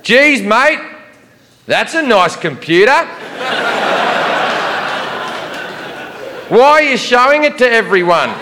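A man's voice: extremely high pitch, big pitch swings, long reverb tail, a crowd in the background, background noise, voice pushed up, heavily acted. A male comedian voicing a sarcastic Australian airport security guard in a stand-up set. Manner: dry, mocking, drawn-out.

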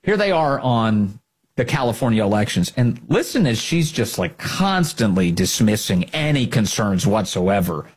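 A man's voice: lowish voice, very animated, moderate pace, slightly rough. A man hosting a political commentary show, ranting in a sarcastic, heated manner. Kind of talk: opinion show monologue.

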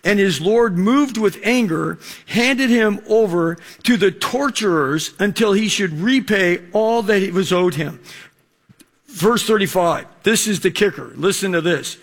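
A middle-aged man preaching a sermon in a conversational way, with lots of fillers, slowing down to read scripture. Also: high voice, expressive. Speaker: pastor.

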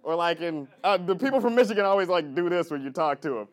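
A man doing stand-up crowd work on a comedy club stage, with loud, animated banter. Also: high voice, quick pace. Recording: live club recording with crowd. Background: audience laughter.

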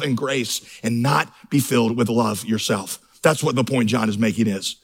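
A man's voice: mid-range voice, moderate pace, few pauses, slightly rough. A middle-aged male pastor preaching a sermon, telling stories and building to fervent, rising crescendos.

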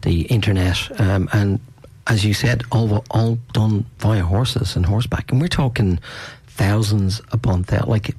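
Male radio host, low and gravelly, rambling casual chat, dry close sound. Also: steady tone, a little slow, darkish tone, dry recording. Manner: rambling, repeats words, laughs easily.

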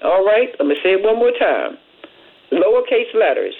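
A woman hosting a community radio show, reading announcements in a folksy way and chatting with listeners as she repeats phone numbers slowly. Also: medium pitch, huge pitch swings, vocal fry, breathy edge. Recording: tinny phone-like radio audio.

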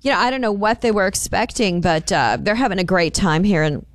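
A woman's voice: mid-range voice, animated, a little fast, dry recording. A woman co-hosting a morning radio show, reading the weather and chatting in an upbeat, storytelling way with small hesitations. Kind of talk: casual radio chat.

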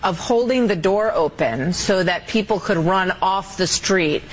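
A man's voice: high-pitched, a little slow, a little hiss or hum, low-quality recording. A man interviewing a guest and checking details with her. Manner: questioning, checking facts.

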